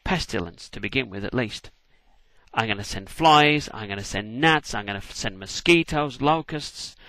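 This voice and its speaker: A man voicing a calm, offhand male deity who talks in a casual, matter-of-fact way. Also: medium pitch, normal speed, no room sound.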